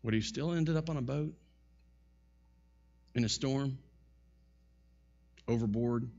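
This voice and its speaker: A man preaching a sermon in an animated style, his voice rising and falling sharply. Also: mid-range voice, takes it slowly, lo-fi sound. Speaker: pastor.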